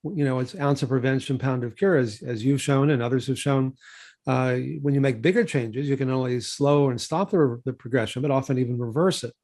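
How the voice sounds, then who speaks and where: A Texan physician and researcher in his sixties shares memories in a conversational interview, relaxed and digressive, repeatedly circling back with "uh" and "you know" and restarting sentences. Despite the fillers, his brisk voice stays even and middling in pitch.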